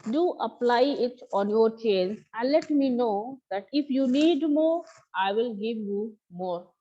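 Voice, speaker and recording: A woman's voice: a little high, expressive, slow pace, mellow. A woman teacher, explaining a story to a class and repeating each line in her own words. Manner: explanatory, repeats and paraphrases lines. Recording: slightly dull lo-fi recording.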